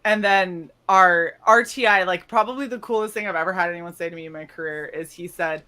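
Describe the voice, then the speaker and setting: A woman's voice: fairly low pitch, brisk, bright, forceful tone. A young woman co-hosting a casual stream, animatedly telling stories, swearing freely and acting out quotes. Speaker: stream co-host. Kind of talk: casual storytelling chat.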